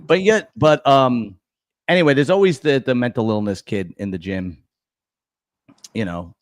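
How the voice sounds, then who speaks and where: A middle-aged man hosting a casual chat, animated and quick to swear and laugh. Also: medium pitch, no echo, clean studio sound. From Italian heritage. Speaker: bodybuilding show host.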